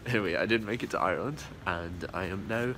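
A man's voice: deep voice, fast, noisy background. A young man vlogging casually from an airport, chatty and rambling with lots of fillers and restarts. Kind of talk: casual travel vlog. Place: airport departure area, indoors.

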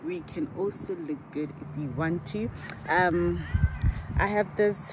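A young woman chatting casually to her phone camera at home, talking to viewers in a lively, exasperated way. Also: fairly low pitch, background noise. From South Africa. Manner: chatty, exasperated, quick laughs. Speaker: vlogger. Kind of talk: casual vlog chat. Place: home indoors. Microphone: phone held at arm's length.

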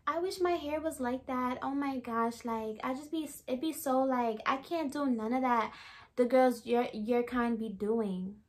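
A woman's voice: high-pitched, unhurried, darkish tone. A woman voicing a clueless, gushing young female coworker who rambles apologies. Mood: fawning.

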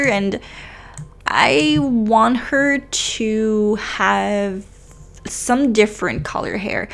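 A woman in her twenties giving chatty, self-deprecating commentary over gameplay, often laughing. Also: medium pitch. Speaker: gaming YouTuber.

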